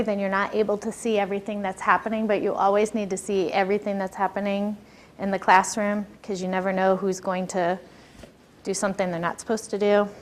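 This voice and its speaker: Woman teaching a workshop, chatty, keeps asking the room questions. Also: medium pitch. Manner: conversational, asks the audience questions. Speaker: lecturer. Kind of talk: workshop lecture.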